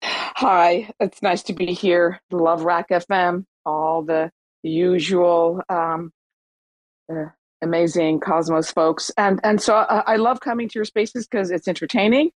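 A woman's voice: on the low side, fairly even intonation, a little slow, no room sound, low-quality recording. A woman joining a casual live audio chat, friendly and a bit hesitant, asking questions.

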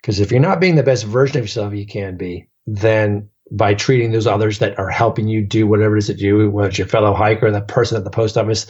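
Low, husky male guest; rambling storyteller, dull lo-fi podcast sound. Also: steady tone, fast, hardly any pauses, a little mellow. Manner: rambling, restarts often, lots of fillers. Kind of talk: casual storytelling chat.

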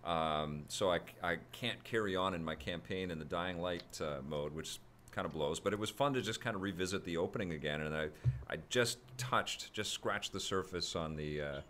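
A man hosting a casual gaming chat, upbeat and asking quick follow-up questions. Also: sits low, fairly bright tone, a little hiss or hum. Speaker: podcast host.

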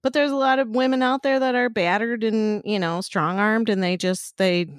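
A woman's voice: on the high side, steady tone, normal speed, no room sound, clean studio sound. A woman co-hosting a casual chat, blunt, swearing freely and laughing often.

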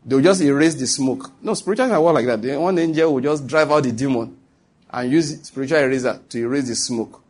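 A male preacher with a husky, breathy voice at a middle pitch delivers a sermon. He presses his points through repetition and keeps asking his listeners whether they follow. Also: brisk, darkish tone. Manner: emphatic and repetitive, with asides to the listeners. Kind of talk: sermon to a congregation.

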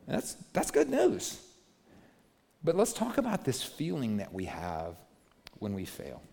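Animated man preaching in a reverberant hall. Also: on the high side, gravelly. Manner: animated, swings from loud emphasis to quiet asides. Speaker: youth pastor. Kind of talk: sermon to a young congregation. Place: church hall.

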